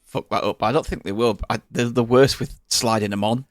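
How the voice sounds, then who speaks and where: A man with a Yorkshire accent chatting casually as a podcast co-host, relaxed and loose-tongued. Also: mid-range voice, a little fast, no echo, studio quality. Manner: laid-back, swears casually. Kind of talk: casual chat.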